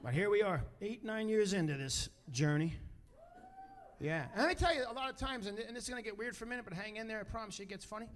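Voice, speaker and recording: A man in his fifties doing stand-up storytelling on stage, animated and profane, acting out other people's voices. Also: high voice, fast. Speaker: stand-up comedian. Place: comedy stage before an audience.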